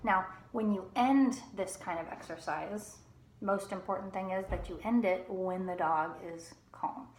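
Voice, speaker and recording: A woman dog trainer explaining calm training in a relaxed, soft-spoken way, sometimes dropping to a whisper. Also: medium pitch, unhurried. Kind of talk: casual instructional talk while training a dog. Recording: echoey room with faint ambient noise.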